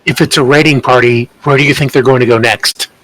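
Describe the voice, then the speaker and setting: A man's voice: medium pitch, fairly even intonation, a little fast, fairly bright tone, no room sound, rough recording. A man playing a tabletop game, speaking politely and confidently in character. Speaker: player.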